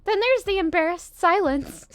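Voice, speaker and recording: A woman's voice: very high-pitched, lively intonation, moderate pace, no echo, voice pushed up. A woman voicing a sardonic, teasing cafe barista in a game, dry and mocking, with a put-on Australian accent.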